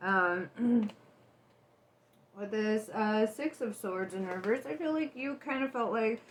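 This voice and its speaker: A woman's voice: a little high, slow pace, slight background noise. A woman giving a casual tarot reading, candid and loose, swearing and laughing often. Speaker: tarot reader.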